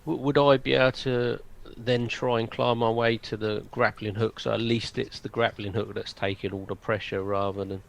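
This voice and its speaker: A man's voice: lowish voice, little pitch movement, normal speed, vocal fry, few pauses. A man playing a tabletop game, offering tentative, hedging suggestions. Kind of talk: casual game talk.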